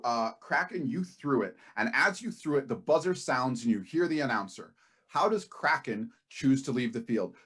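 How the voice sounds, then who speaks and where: A man's voice: mid-range voice, slightly rough. A man running a tabletop game as game master, explaining the scene in a casual, rambling manner. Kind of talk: narrating a tabletop game on a stream.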